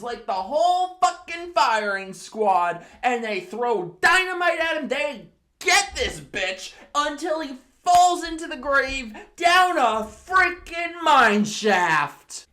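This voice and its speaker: A tipsy woman rambles through a drunk comedic movie recap, all swearing and exclamations. Her voice sits a little high and swoops up and down freely. She takes her time with each line. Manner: animated, swearing, exclamatory storytelling. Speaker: host.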